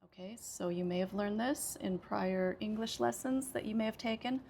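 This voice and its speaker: A woman's voice: medium pitch, moderate pace, gravelly, a little mellow, slight background noise. An American woman teaching an English pronunciation lesson, explaining patiently with frequent "okay" and small hesitations. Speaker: ESL teacher.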